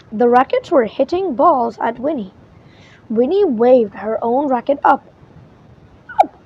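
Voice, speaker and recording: A woman reading a children's storybook aloud in an expressive way, with small slips and restarts. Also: high voice, slightly rough. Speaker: storybook reader. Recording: muffled lo-fi recording.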